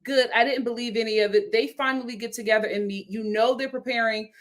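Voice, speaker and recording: A woman hosting a casual vlog review, animated and sassy, often laughing. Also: fairly high pitch, fast. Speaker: vlog host reviewing a reality show.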